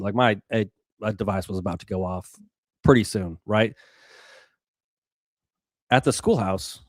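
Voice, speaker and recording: Lively storytelling man, dry sound. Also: fairly low pitch, no room sound. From Rocky Mountains, US. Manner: animated, acts out quotes, many fillers and restarts. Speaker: podcast guest, former special operations weatherman. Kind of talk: casual storytelling.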